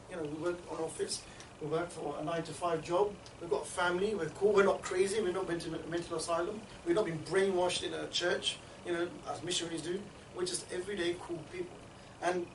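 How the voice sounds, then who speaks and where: A man training a group in street outreach, talking in a rapid, chatty way and often checking in with his listeners. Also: sits high, noisy background. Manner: rapid, chatty, keeps checking in with "yeah?" and "right?". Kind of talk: instructional group talk. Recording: echoey room, mic at a distance.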